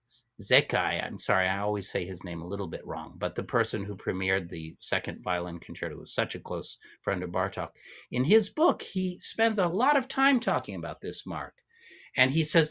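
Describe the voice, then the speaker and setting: A man's voice: lowish voice, big pitch swings, measured pace, fairly bright tone. A man in his fifties, a guest violinist, explaining ideas in a casual discussion, thoughtful and rambling with frequent restarts.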